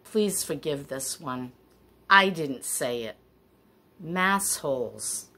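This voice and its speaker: A middle-aged woman telling stories in a chatty, wandering way with animated asides. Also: deep voice, takes it slowly. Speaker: vlogger. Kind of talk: casual storytelling.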